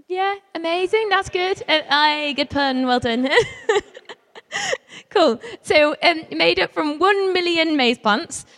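A woman stands before a live audience and spins a comic story about her work with young carers. She is chatty and quick to laugh at herself, with a slightly high voice. A long hall reverb trails after every phrase. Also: fairly bright tone. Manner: chatty and self-mocking, laughing often. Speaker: young carers worker giving a talk.

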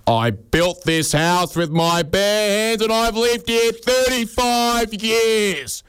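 A man doing a high, indignant Aussie bricklayer. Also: slow, a bit bright, clean tone. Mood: defensive. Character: defensive gruff middle-aged male bricklayer.

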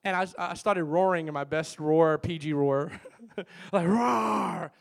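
A male pastor preaching a sermon in a church, calling out to the congregation for answers and telling lively stories. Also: fairly high pitch, measured pace, smooth. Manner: emphatic call-and-response preaching with lively storytelling. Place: church with a worship team.

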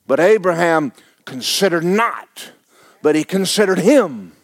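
A man preaching a sermon in a folksy, playful way, his pitch swinging widely and bursting into shouted praise. His voice sits a little high for a man. The sound is close and dry, with almost no room echo. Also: animated, unhurried. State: injured foot, sitting while preaching. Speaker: pastor.

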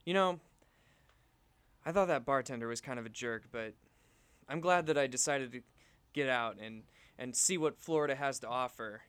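A man's voice: medium pitch, normal speed, pauses often, a bit bright, clean tone, no room sound, close to an everyday voice. A man playing an awkward, needy, lovesick young man who talks hesitantly in an improvised comedy sketch.

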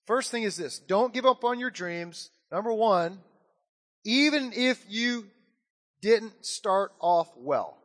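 Pastor guy preaching, high voice, big hall echo, acts out his stories. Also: takes it slowly. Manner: animated storytelling with acted-out quotes. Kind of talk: sermon.

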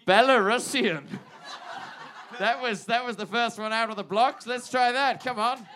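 High-voiced man doing mock news. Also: a little slow, pushed and bright, a little hiss or hum. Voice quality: hesitant, laughing through lines. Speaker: comedy podcast host. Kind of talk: improvised mock news reading.

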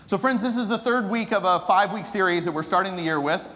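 A man preaching a sermon as pastor, telling a story that moves from animated to hushed and earnest. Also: sits high, quick pace, few pauses. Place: church sanctuary. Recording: long reverb of a church hall.

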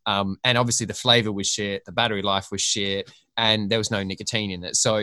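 Aussie bloke rambling on a podcast, swears a lot, bright crisp voice. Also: male voice, lowish voice, flat delivery, brisk, no room sound. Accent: Australian. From Australia. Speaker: podcast guest. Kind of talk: casual chat.

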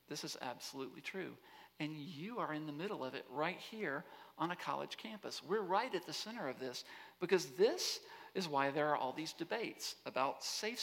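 Guy giving a lively campus talk, bright gravelly voice, keeps checking in with the crowd, big hall echo. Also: a little high. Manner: animated, rhetorical, checks in with the audience. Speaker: speaker. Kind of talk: lecture-style talk to students. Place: large hall on a college campus. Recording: long hall reverb.

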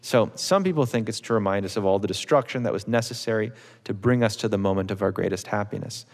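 A man reading from his own novel to a live audience in a measured, wry literary manner. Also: fairly low pitch. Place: auditorium stage. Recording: long reverb of a large hall.

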